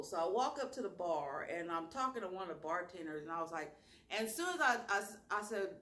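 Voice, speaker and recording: A woman with a strong Southern accent, telling a wild story in a casual vlog with slang and lively asides. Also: lowish voice, fast. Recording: echoey room.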